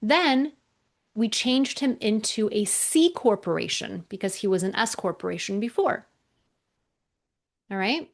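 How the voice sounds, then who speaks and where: A woman tax accountant giving a recorded educational presentation in an emphatic, energetic way, using rhetorical questions to press her points. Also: medium pitch, measured pace, gravelly, long pauses.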